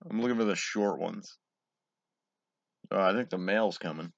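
A man's voice: deep voice, normal speed, vocal fry, dry recording. A man casually reading jokes aloud, giggling and swearing between them. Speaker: joke reader. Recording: dull, lo-fi home recording.

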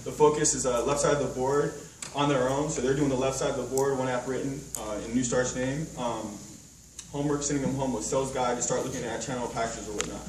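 A man's voice: mid-range voice, steady tone, quick pace, a little mellow, slight background noise. A man training a sales team at a meeting, casual and rambling, full of fillers and analogies, recorded from far off in an echoey hotel room.

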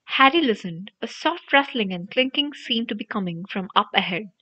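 Lively woman reading a storybook. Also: mid-range voice, moderate pace. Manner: animated, expressive reading. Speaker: audiobook reader. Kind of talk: scripted storybook narration. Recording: dry, dull lo-fi audio.

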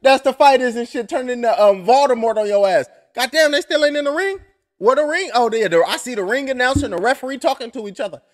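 A man's voice: very high-pitched, lively intonation, fast talker. A man doing loose, profane, clowning commentary while waiting for a fight. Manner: loud, joking and profane, keeps clowning. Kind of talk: casual live-stream commentary.

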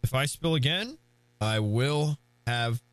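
A young man hosting a live game stream, hyped and playful, shouting greetings to his chat. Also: mid-range voice, animated, slow, dry recording.

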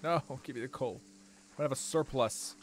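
A male game streamer provides playful let's-play commentary, cursing and talking back to the creatures on screen with sudden loud outbursts. He speaks at medium pitch and normal speed, with slight background noise.

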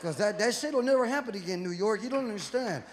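An animated, fast-talking man with a high-sitting voice, from Houston, Texas, delivers profane, rowdy stand-up with punchy timing. He's before a live audience on a comedy stage, where the venue's long reverb, crowd noise, laughter and hall ambience come through.

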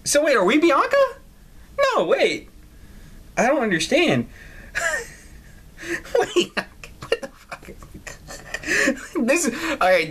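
A man's voice: on the high side, sharp tone, a little hiss or hum. A man playing a mobile story game, giving casual, profane, mocking commentary and often laughing. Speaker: gaming channel host. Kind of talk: casual let's-play commentary.

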